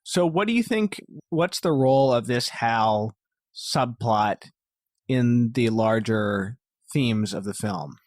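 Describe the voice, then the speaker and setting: A man's voice: medium pitch, slow pace, no echo, clean studio sound. A man hosting a podcast, musing about a film in a hesitant, thoughtful way. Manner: thoughtful, hesitant, many fillers. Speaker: podcast host. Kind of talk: casual film discussion.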